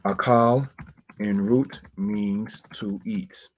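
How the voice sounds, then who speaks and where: A man teaching Hebrew words from slides, slowly spelling out terms and often calling his listeners brothers and sisters. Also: medium pitch, darkish tone, husky. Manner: slow, deliberate spelling-out of words.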